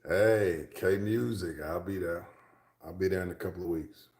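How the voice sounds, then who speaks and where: A man's voice: low-pitched, normal speed, darkish tone, reverberant. A man from Texas, chatting casually with livestream viewers, rambling along and dropping to a whisper for asides. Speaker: livestream host.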